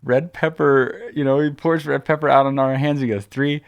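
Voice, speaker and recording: A man of ordinary, mid-range pitch co-hosts a casual podcast. He tells a long story in a loose, rambling way, stacks up "like" and restarts, and gets animated as it goes. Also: normal speed, vocal fry, clear, resonant tone. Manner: rambling, animated anecdote-telling, full of fillers like "like". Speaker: podcast co-host.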